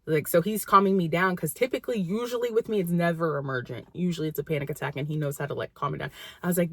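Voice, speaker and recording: Chatty young woman, low voice, dry sound. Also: fast, a bit bright, no room sound. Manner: chatty, rambling, full of "like" fillers. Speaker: vlogger. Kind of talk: casual storytelling.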